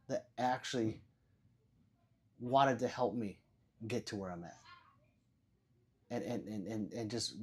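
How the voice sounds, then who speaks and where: An older man hosts a livestream and reads chat aloud, rambling and swearing, stammering and repeating words. His volume swings between loud bursts and low mutters, and his voice has a breathy edge.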